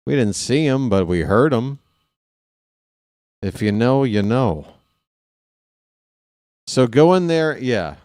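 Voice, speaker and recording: Male stream host, unhurried rambling chat, clean dry voice on a close mic. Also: medium pitch, sing-song, a little mellow, no echo. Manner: chatty, rambling, joking asides to chat. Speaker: baseball live-stream host. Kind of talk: casual post-game stream chat.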